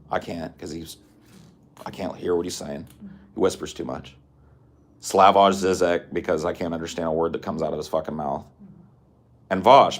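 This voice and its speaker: A man's voice: deep voice, slight background noise. A man hosting a podcast, ranting in a profane, exasperated, slangy way. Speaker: podcast host. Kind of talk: casual podcast rant.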